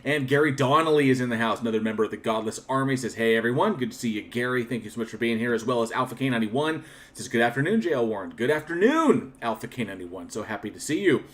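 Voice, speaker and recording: A man's voice: mid-range voice, animated, quick pace. A man hosting a livestream, chatting casually and thanking viewers one by one, with frequent restarts and a candid, reflective manner. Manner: reflective and candid about his channel. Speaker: livestream host. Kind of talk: casual live-chat shoutouts.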